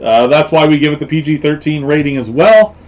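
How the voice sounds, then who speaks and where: A man's voice: a little high, expressive, fairly quick, darkish tone, lo-fi sound, soft background music. A man hosting a casual live stream, rambling along with lots of fillers and repeated phrases. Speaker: host.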